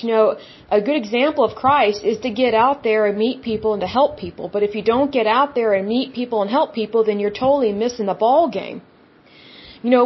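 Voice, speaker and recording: A woman with a husky, fairly high voice gives an informal devotional talk on her podcast. She sounds earnest and emphatic, leaning on rhetorical questions and repeating words. The audio is dull and lo-fi. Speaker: podcast host.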